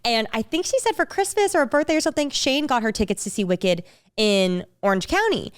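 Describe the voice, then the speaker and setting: Young female podcast host, animated storyteller who acts out quotes; smooth, clear voice, dry close recording. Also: a little high, a little fast, dry recording. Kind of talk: casual chat.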